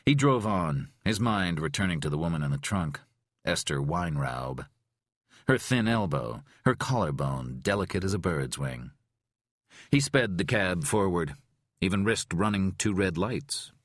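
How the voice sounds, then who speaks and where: Deep-voiced male audiobook narrator. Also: lively intonation, a little slow, no echo, studio quality. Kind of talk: scripted narration.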